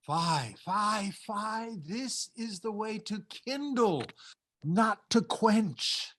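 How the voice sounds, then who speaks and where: An actor playing an old Roman patrician who pleads for calm in a declamatory way. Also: medium pitch, drawn-out words, exaggerated voice. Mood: reproving. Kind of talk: stage play reading.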